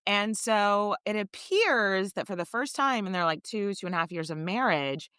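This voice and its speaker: Animated woman co-hosting a casual history podcast. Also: mid-range voice, moderate pace, smooth, no room sound, studio quality. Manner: swearing, jokey, animated storytelling. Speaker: podcast co-host.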